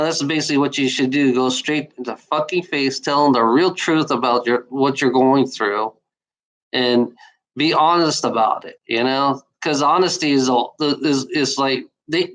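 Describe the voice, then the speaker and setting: A man's voice: medium pitch, fairly bright tone, poor audio. A man ranting bluntly and profanely in a casual video, with many restarts and filler words. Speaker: video maker. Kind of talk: casual unscripted rant.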